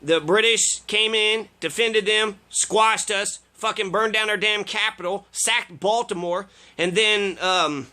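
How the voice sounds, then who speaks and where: A man's voice: sits high, takes it slowly, hardly any pauses, bright, forceful tone. A man giving sarcastic political commentary, swearing heavily and trailing off into fillers as he rants. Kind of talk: profane ranting commentary on played clips.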